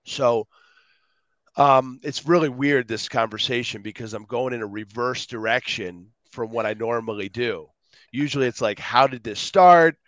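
Middle-aged guy rambling through stories, lively, dry close sound. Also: mid-range voice, moderate pace, no echo. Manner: animated, rambling storyteller. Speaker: guest speaker. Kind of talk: casual interview storytelling.

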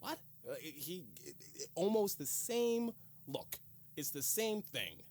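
A man's voice: high-pitched, very animated, unhurried, a little mellow, slight background noise. A man co-hosting a casual film review podcast, hesitant, often repeating words as he works out his points. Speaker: podcast co-host.

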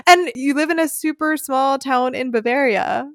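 A woman's voice: sits high, moderate pace, fairly bright tone, no room sound, studio quality. A woman hosting an interview, asking friendly, curious questions. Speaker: podcast host. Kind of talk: casual interview chat.

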